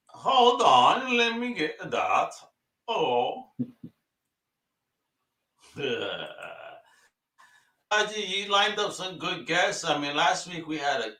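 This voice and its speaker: A man co-hosting a live show, chatting excitably in slang while selling comic books. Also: fairly high pitch, echoey room. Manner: excitable, slangy, says "bro" and "yo". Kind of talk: casual live show chat.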